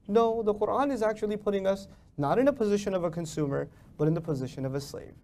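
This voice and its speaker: A man's voice: high-pitched, darkish tone. A man giving a religious lecture as a preacher, emphatic and full of rhetorical questions. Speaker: Islamic preacher.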